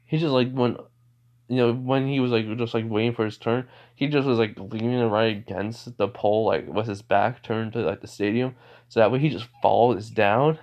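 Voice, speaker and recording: A man's voice: mid-range voice, steady tone, moderate pace, darkish tone. A young man casually retelling a fan story, rambling with many restarts, in a dull lo-fi recording. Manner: rambling, many fillers and restarts, laughs often.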